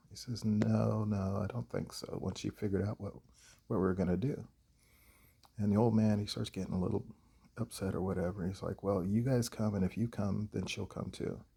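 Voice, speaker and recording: A man, a horror writer, telling a personal story in a halting, hesitant way with many pauses. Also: lowish voice, vocal fry, warm tone, breathy edge.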